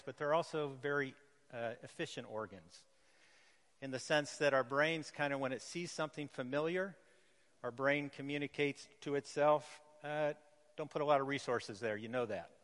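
Earnest pastor in a reverberant church. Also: male voice, mid-range voice, a bit bright. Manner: earnest, emphatic, slows on key phrases. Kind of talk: sermon. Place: church sanctuary.

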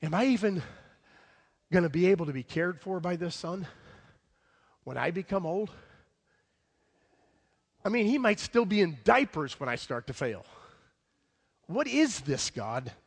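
A man's voice: big pitch swings, unhurried, pauses often, husky, exaggerated voice. A man voicing the elderly patriarch Abraham as an incredulous, pleading old man, in a hall with long reverb. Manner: incredulous, pleading, rising pitch.

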